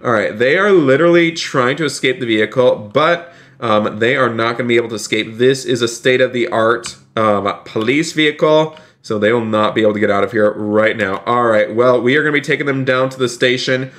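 A man's voice: mid-range voice, a little fast, few pauses, a bit bright. Upbeat man live-streaming a game. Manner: upbeat, keeps addressing the chat as "you guys"; plays a polite, formal police officer. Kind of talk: live game-stream commentary with role-play.

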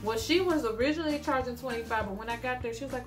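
A young woman chatting excitedly to her viewers in a casual home vlog, often calling them y'all. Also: fairly high pitch, rapid-fire. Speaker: vlogger. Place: at home, in pajamas. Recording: echoey room with loud music behind.

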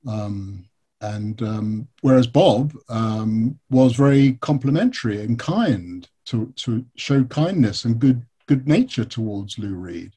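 English male biographer, interview guest, warm husky tone, chatty anecdotal delivery. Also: mid-range voice, expressive, takes it slowly. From England. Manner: candid, storytelling, frequent fillers. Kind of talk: conversational interview answers.

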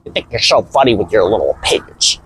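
A man's voice: lowish voice, animated, fast, a bit bright, a little hiss or hum, pitched below the performer's own voice, poor audio. A man putting on the voice of a lazy, smug male online troll, taunting and sneering.

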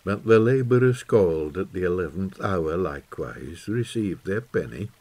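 A man's voice: deep voice, expressive, moderate pace, darkish tone. A man voicing an old shepherd who speaks earnestly in a folksy dialect, in an audiobook. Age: older. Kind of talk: audiobook character voice.

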